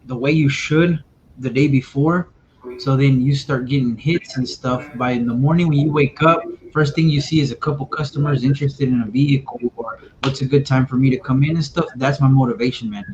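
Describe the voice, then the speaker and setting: Chill salesman guy talking casual, says like and man a lot, muffled sound, faint rumble. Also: fairly even intonation, fairly quick. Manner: laid-back, lots of "like" and "man". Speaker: car salesman, guest. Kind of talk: casual interview talk.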